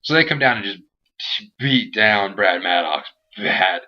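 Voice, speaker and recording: A young man reviewing a wrestling show in a casual, animated, rambling and jokey way. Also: lowish voice, measured pace. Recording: dull lo-fi home recording.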